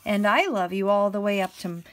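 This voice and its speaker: A woman voicing a big, tender grown male hare in a storybook read-aloud, with a warm, loud delivery. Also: medium pitch, normal speed, slight background noise, natural voice, low-quality recording.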